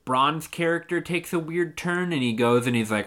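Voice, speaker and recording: A young man co-hosting a podcast, chatting casually and retelling scenes with lively, profane enthusiasm. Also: on the high side, moderate pace. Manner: animated retelling, acting out scenes, swears freely. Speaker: podcast co-host. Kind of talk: casual chat recapping a TV show.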